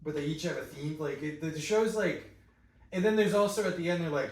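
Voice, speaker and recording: A young man co-hosting a comedy podcast rambles through his stories, trailing off and restarting. His voice sits a little high. A very roomy space echoes around him, and the mic is distant with faint noise underneath. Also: expressive. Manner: rambling, halting, quick to restart. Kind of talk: casual chat.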